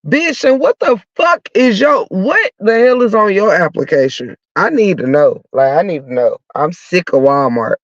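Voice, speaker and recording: A man's voice: sits high, expressive, moderate pace, hardly any pauses, fairly bright tone, no room sound. A man with a stuffy nose from a cold, ranting bluntly and cursing through a heated story as a podcast host. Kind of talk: profane comic rant. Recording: dull lo-fi dry sound.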